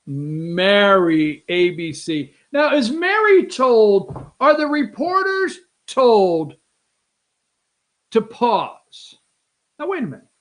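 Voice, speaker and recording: A host riffs over video clips in an animated, mocking way, talking straight to the viewers. The voice sits in a middle register and keeps jumping between asides and questions. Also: medium pitch, slow pace. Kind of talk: casual commentary over clips.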